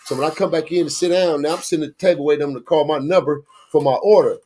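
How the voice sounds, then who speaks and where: A middle-aged man with a Los Angeles street accent, telling a story in an animated, slangy way and acting out the voices of the people in it. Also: on the high side, rapid-fire. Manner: acts out quoted voices, slangy, laughing asides. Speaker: guest storyteller, bounty hunter.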